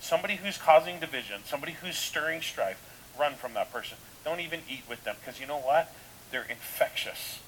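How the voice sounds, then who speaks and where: Man, pastor, sermon, conversational, rhetorical questions, slightly high voice, faint hiss. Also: expressive, a little fast, fairly bright tone, low-quality recording.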